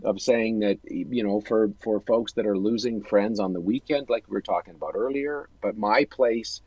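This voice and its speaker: A man's voice: lowish voice, moderate pace, darkish tone, breathy edge, dry recording, lo-fi sound. A man hosting a casual video-call chat, telling a long, rambling personal story with self-corrections. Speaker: host.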